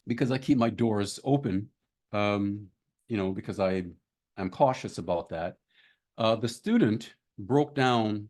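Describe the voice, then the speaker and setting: Measured male lecturer, Canadian accent. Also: medium pitch, darkish tone. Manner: measured, emphatic on figures, frequent ums. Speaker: academic speaker. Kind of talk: academic lecture.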